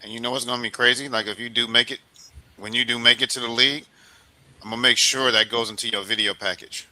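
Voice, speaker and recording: Male podcast host, very bright tone, playful and teasing, easygoing interviewer. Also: mid-range voice, fast talker, poor audio. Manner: joking, teasing, animated retelling. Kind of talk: casual interview chat.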